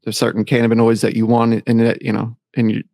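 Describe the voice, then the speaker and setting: Gravelly man hosting a casual interview. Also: mid-range voice, fast, no echo. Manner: relaxed, encouraging questions. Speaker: podcast host.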